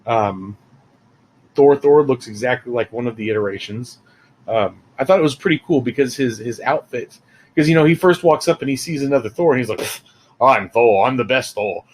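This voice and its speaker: A man's voice: medium pitch, brisk, a little mellow, a little hiss or hum, low-quality recording. A man giving a casual, rambling spoiler review of a film, full of fillers and asides. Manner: rambling, chatty, many fillers.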